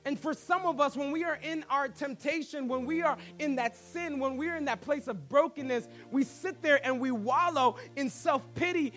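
A man preaching a sermon, animated and conversational, acting out quotes and cracking jokes. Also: very high voice, normal speed, few pauses, soft background music. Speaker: pastor.

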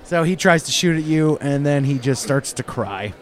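A man's voice: fairly high pitch, expressive, moderate pace. A man running a tabletop game as game master. He narrates casually, joking and hesitating with fillers.

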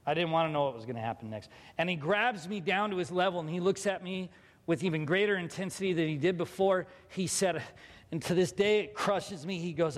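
A man, a pastor, telling a personal faith story with animated feeling, acting out the people in it. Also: high voice, fairly quick, long reverb tail. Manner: emotional, animated, quotes people in dialogue. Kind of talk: storytelling testimony.

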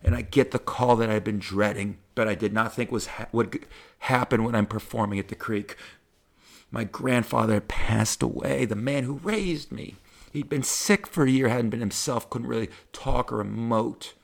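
Middle-aged comic guy swearing a lot, telling stories from the heart, mid-pitch voice. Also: normal speed, gravelly. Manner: profane, heartfelt, animated. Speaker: stand-up comedian, podcast host. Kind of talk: personal storytelling monologue.

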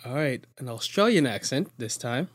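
A woman's voice: extremely low pitch, lively intonation, normal speed, no echo, clean studio sound. A young woman hosting a casual chat, playful and teasing, laughing often. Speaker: host.

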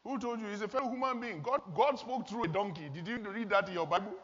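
A man's voice: sits high, fast talker, a bit bright. A man from Nigeria, preaching a sermon in an earnest, storytelling way. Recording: long hall reverb, dull lo-fi sound.

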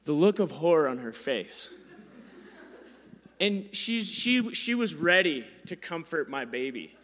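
A man telling a funny story about being a dad in a casual, animated, self-deprecating way. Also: measured pace, big-room sound. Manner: animated, self-deprecating, gets louder and higher when excited.

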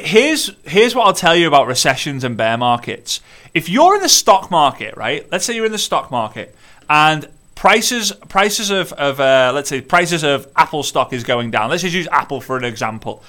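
A man from the United Kingdom delivers a rallying motivational talk, speaking straight to his listeners and circling back on phrases for emphasis. His voice is bright and forceful, sitting a little high for a man. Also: normal speed. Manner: energetic, repetitive, rallying, direct address to listeners. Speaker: network marketing business coach. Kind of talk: motivational monologue.

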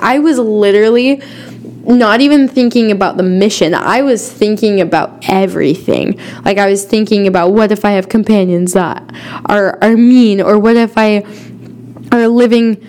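A woman's voice: mid-range voice, darkish tone. A young adult woman telling a personal faith story in a casual, chatty way, earnest and emotional, with many fillers. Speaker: podcast host.

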